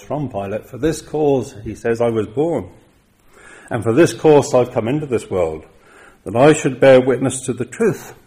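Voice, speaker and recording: Preacher guy, emphatic, punches key words then goes quiet, mid pitch. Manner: emphatic, rising to loud stresses then dropping quiet. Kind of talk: sermon.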